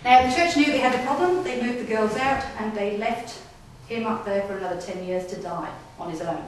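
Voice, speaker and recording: At a display day inside an old gaol, a female paranormal investigator gives a chatty storytelling talk to an audience, often checking in with them and laughing. Her mid-range voice moves fairly quickly and is heard far from the mic in an echoey room with faint hiss.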